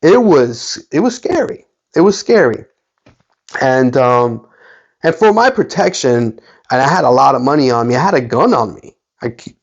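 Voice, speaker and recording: A man casually telling a story from his past, animated and loose, with lots of restarts and "you know"s. His voice sits in an ordinary middle range. The recording is slightly dull and lo-fi. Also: mid-range voice. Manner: animated retelling, frequent fillers and restarts. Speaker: sports card collector and channel host.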